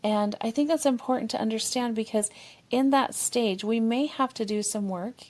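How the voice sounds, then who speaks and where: With a somewhat high voice and a moderate pace, a female therapist talks through ideas on a podcast in a conversational way. She explains with expression and now and then plays out partners' inner thoughts.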